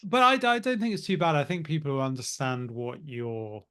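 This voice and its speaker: A man's voice: medium pitch, big pitch swings, moderate pace, a bit bright, clean tone. Guy cohosting a podcast, easygoing, keeps adding "isn't it?". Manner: agreeable, often adds tag questions. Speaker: podcast co-host. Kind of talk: casual teaching chat.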